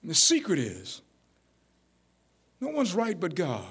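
A middle-aged man preaching a folksy, animated sermon as pastor. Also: high voice, a little slow, slightly rough. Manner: folksy, animated, rising to near-shouts.

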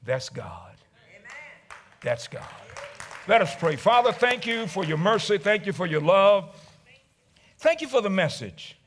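A male pastor preaching a dramatic sermon, swinging from loud to hushed. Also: high voice, expressive, moderate pace, a little hiss or hum.

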